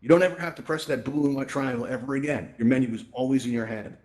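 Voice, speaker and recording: A man's voice: medium pitch, fairly even intonation, fast talker, a little mellow. A man hosting a live virtual reality event, explaining headset tips casually and peppering his talk with "right?" and "you know". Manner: conversational, lots of "right?" and "you know" fillers. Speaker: event host and presenter. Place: virtual reality social space.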